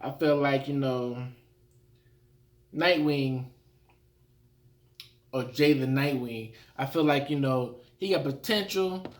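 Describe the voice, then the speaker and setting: A man giving a casual recap of rap battles, talking in an animated way and acting out his own reactions. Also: medium pitch, slow, pauses often.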